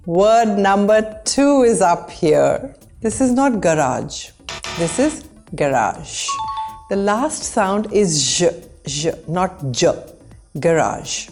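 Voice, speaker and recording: Woman teaching english pronunciation, talks real slow and careful, stretches out the example words, soft music behind her. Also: medium pitch. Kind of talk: scripted lesson to camera.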